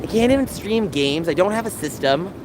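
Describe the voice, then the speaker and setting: Streamer, male, high voice, anxious pleading rants, phone audio with loud traffic behind. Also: animated, brisk. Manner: distressed, pleading rants to chat. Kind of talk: live-stream vlog talking to chat. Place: outdoors on city streets.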